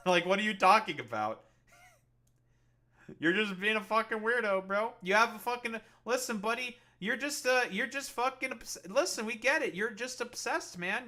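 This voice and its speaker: A man on a live stream, swearing constantly and mocking the people in his chat. His voice sits high for a man and has a bright, cutting edge. He talks straight into a desk mic. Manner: profane, combative, mocking. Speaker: political streamer. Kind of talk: livestream argument with chat.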